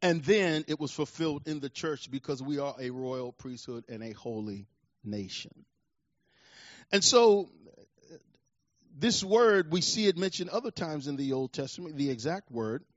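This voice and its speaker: Higher-voiced man preaching emphatically. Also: lively intonation, a little slow, no echo, highs cut off. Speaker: pastor. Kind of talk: sermon.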